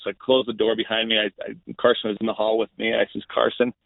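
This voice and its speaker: A man's voice: fairly low pitch, monotone, fast talker, gravelly, no room sound. Man, middle-aged, school principal, earnest storyteller, restarts phrases, phone-line sound. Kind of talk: casual storytelling in a podcast interview.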